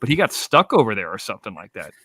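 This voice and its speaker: A man's voice: on the low side, very animated, fast talker, bright, forceful tone, slight background noise. A man in his forties from Florida, a podcast host telling rambling, profane stories in casual chat. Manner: rambling, profane, laid-back.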